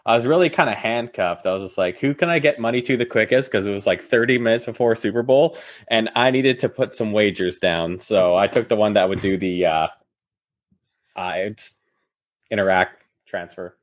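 A man's voice: fairly low pitch, moderate pace. A man, a podcast co-host making laid-back, wry remarks in casual chat.

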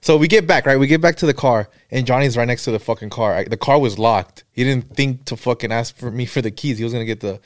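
A man casually telling a story among friends, profane and animated, acting out the quotes. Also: medium pitch, fast, few pauses, no echo, clean studio sound.

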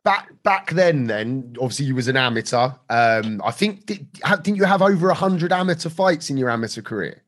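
A man's voice: mid-range voice, expressive, fairly quick, hardly any pauses, a bit bright. A man hosting a podcast, interviewing a guest with short reactions and questions. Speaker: podcast host.

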